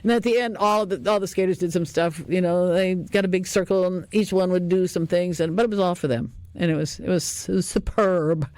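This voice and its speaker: A woman's voice: on the low side, fairly even intonation, brisk, hardly any pauses, darkish tone, dry recording. Older woman, talk radio host, meandering casual chat, dry studio sound. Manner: rambling, chatty, laughs often, many fillers.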